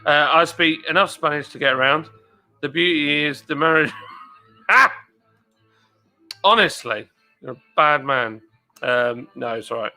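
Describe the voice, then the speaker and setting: A man's voice: on the high side, a little slow, long pauses, pushed and bright, faint music behind, rough recording. An English man hosting a live stream, chatting casually and rambling as he reads out viewer comments. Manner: rambling, chatty, jokey asides.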